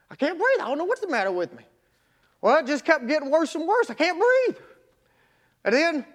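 A young man, a marathon runner, telling a personal story in an animated, folksy way with casual grammar. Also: very high-pitched. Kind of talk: storytelling talk.

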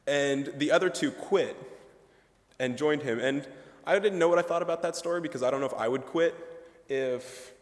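A man's voice: fairly high pitch, normal speed. A young man, a ministry student, giving a humorous, chatty chapel talk, full of asides and fillers. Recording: reverberant chapel hall.

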